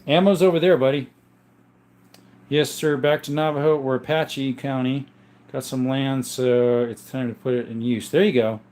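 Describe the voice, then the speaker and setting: A man's voice: mid-range voice, fairly even intonation, moderate pace, darkish tone. Laid-back man with a worn voice. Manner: laid-back, rambling, reads comments aloud. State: strained, worn voice. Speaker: livestream host and gun collector. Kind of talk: casual live chat answering viewers. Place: home room with a gun collection.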